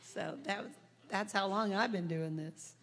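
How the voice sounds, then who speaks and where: A woman's voice: medium pitch, a little slow. A woman in her seventies, a singer and band leader, chatting and telling stories between songs on a live music stage. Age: 70s. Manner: relaxed storytelling with laughs. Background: band instruments, guitar.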